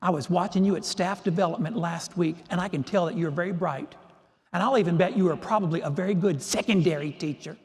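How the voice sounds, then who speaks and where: A man voicing a gentle older Southern woman teacher in her sixties, soft and hushing, calling him baby. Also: high voice, quick pace, big-room sound, pitched below the performer's own voice. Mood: soothing.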